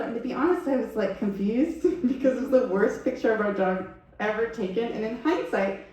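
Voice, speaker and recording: A woman giving a storytelling talk at a Sunday service, animated and laughing as she acts out what people said. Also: fairly high pitch, a little fast. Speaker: guest speaker. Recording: echoey hall, voice from far off.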